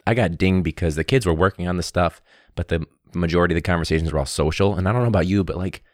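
A man's voice: deep voice, rapid-fire, no room sound. A man who teaches, hosting his own podcast in a candid, rambling, wry way on a studio mic. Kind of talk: casual solo podcast talk. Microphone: studio mic with pop filter.

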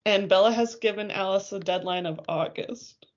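A woman's voice: medium pitch, normal speed, muffled recording. A woman co-hosting a podcast in casual chat, wry and teasing, laughing often. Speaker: podcast co-host.

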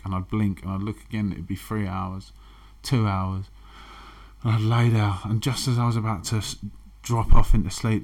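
A man, frankly telling his own recovery story and swearing freely. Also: fairly low pitch. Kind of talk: candid personal testimony.

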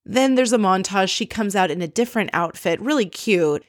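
A woman's voice: mid-range voice, expressive, normal speed, no echo, clean studio sound. A woman hosting a casual recap of a reality show, blunt and exasperated, swearing freely.

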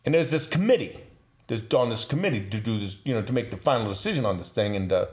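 A man's voice: mid-range voice, quick pace. Man, podcast guest, storytelling, swings up and down a lot, profane. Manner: animated, profane, laughs while telling stories. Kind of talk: casual storytelling.

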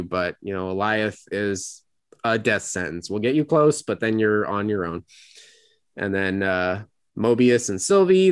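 A man's voice: clear, resonant tone, no echo, studio quality. Man recapping a show, rambling casually. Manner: rambling, acts out quoted lines in high voices. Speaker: podcast co-host.

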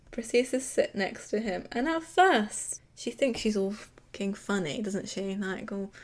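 A woman co-hosts a casual recap podcast, her voice sitting in an ordinary middle pitch. She talks with a sarcastic, giggly edge and swears freely as she picks apart each scene. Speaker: podcast co-host.

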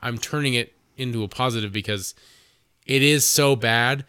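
A man's voice: medium pitch, moderate pace, sharp tone, clear, resonant tone, no room sound, studio quality. A man co-hosting a casual movie review podcast, swearing freely and laughing at a bad film. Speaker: podcast co-host.

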